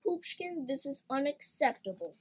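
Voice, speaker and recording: Lady doing a strict grown-up telling a kid off, loud. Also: high-pitched, big pitch swings, slow pace, voice pushed up, heavily acted. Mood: stern. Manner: stern, scolding. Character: stern adult woman scolding a boy.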